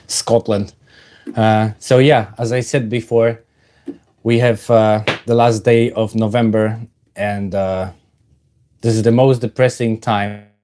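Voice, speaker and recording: A man hosting a casual livestream, halting with many fillers while he greets viewers in the chat and talks about his own life. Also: on the low side, dark tone. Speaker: livestream host.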